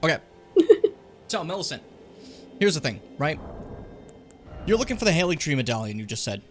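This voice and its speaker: A man's voice: on the high side, big pitch swings, moderate pace, soft background music. A young man hosting a game stream, joking around in casual, playful chat and sometimes talking while eating. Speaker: streamer host. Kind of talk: casual chat over gameplay.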